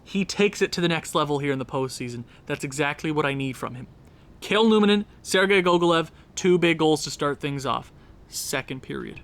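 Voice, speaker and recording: A young man casually commentating his hockey video game season, quick and excitable as he recaps scores. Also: fairly high pitch, a little hiss or hum. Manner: excitable, talks fast through game recaps. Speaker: gaming YouTuber.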